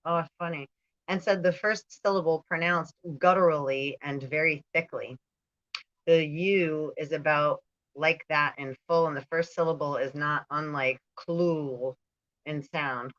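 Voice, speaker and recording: A woman's voice: sits low, steady tone, normal speed, fairly bright tone. Woman reading aloud with a dull sound. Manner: reads aloud, stumbles on words, laughs and digresses. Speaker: spiritual channel host. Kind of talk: casual reading and commentary.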